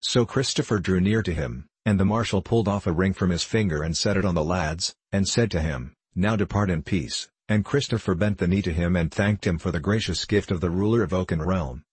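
Male narrator, deep and husky, measured archaic storytelling, dry close read. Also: darkish tone, dry recording. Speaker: audiobook narrator. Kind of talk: scripted narration of an archaic tale.

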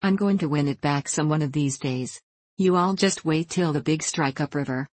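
A swaggering male gold prospector from the frontier , put on by a woman narrator, all boast and rough backwoods grammar. The voice sits low. The reading is dry and close, with no room sound. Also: moderate pace, a little mellow, no echo. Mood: bold.

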